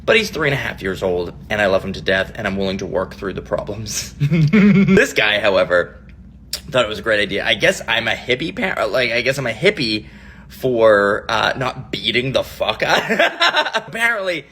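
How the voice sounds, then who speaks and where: A man's voice: fairly low pitch, big pitch swings, moderate pace, sharp tone, a little hiss or hum. A man in his thirties doing a profane, exasperated comic rant about parenting. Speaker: comedian.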